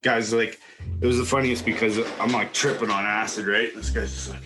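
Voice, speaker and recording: A man's voice: on the low side, fairly even intonation, brisk, noisy background. A young man telling a wild story in casual chat, swearing, laughing and acting out what people said. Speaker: podcast host telling a story.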